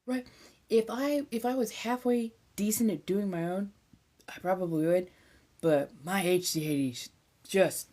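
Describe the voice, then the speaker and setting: A woman with a Californian accent, chatting casually on a live stream, laid-back and swearing freely, now and then dropping into soft whispers. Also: fairly low pitch, expressive, measured pace, pauses often. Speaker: ASMR streamer.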